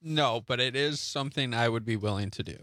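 A man's voice: mid-range voice, brisk, fairly bright tone, dry recording. Man, radio producer, dry manner, casual chat, close dry studio sound.

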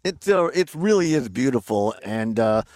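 A man hosting a live radio show outdoors by a lake, chatting casually with quick laughs and self-corrections. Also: mid-range voice, sing-song, a little mellow, no echo. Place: outdoors by a lake, remote broadcast.

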